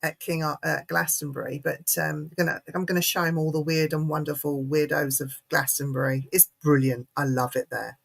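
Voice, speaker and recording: An Englishwoman chats as a guest in a casual, talkative way, often restarting her sentences. Her voice sits low and has a gravelly fry to it. She laughs easily between thoughts. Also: level tone, moderate pace, few pauses. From England. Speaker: guest, paranormal investigator. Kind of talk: casual chat.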